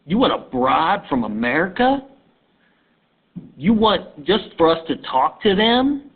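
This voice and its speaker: A stubborn American diplomat bristles with outrage, as a male teacher acts him out in class. His voice climbs high and gets loud, with a husky edge. It all comes through a thin, phone-like recording. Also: very animated, slow, heavily acted. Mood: indignant. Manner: outraged, raised voice.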